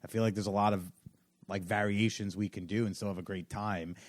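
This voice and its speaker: Casual podcast guy from new jersey, lowish voice, jokey, mic's dry. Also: steady tone, fairly quick, no echo. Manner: joking, self-deprecating. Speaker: podcast guest, comedian. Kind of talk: casual chat.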